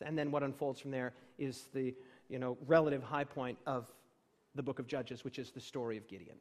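A man preaching a sermon as pastor, swinging from quiet asides to emphatic, rising declarations. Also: sits high. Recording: long reverb of a large room.

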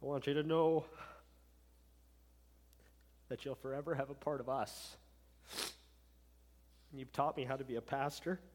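A man who is a pastor, preaching a farewell sermon with emphasis, moving from loud declarations to hushed words and often checking in with "right?". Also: medium pitch, steady tone, unhurried, pauses often. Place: church sanctuary. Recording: long reverb of a large hall.

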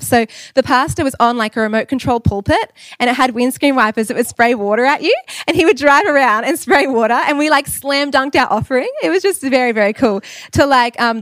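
An Australian woman in her thirties delivers a sermon, weaving in candid personal stories with easy humor. Her voice sits fairly high, and the recording is dry and close. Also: dry recording. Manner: candid, humorous storytelling with laughs. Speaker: preacher.

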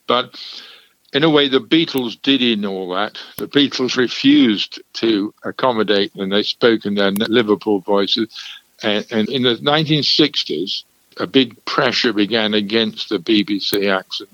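A man's voice: on the low side, a little slow, a bit bright, no echo, dull audio. An older man, explaining language history in a discursive, lecturing way during a radio interview. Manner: discursive, lecturing, with small chuckles. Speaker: language expert.

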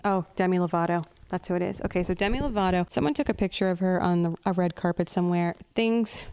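Young woman host doing a profane comic rant; gravelly edge, clean resonant tone. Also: lowish voice, fast talker, dark tone. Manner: blunt, profane, oversharing. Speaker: podcast host. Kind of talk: comedic solo rant.

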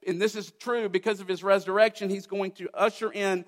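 Male pastor, pitched a bit high, emphatic sermon delivery with rhetorical questions, long hall reverb. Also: flat delivery, brisk. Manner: emphatic, rhetorical questions, swings from loud to hushed.

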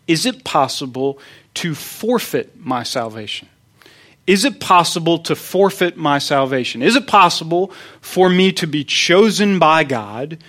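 Man, pastor, sermon, emphatic, repeats key lines, slightly high voice. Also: fairly bright tone.

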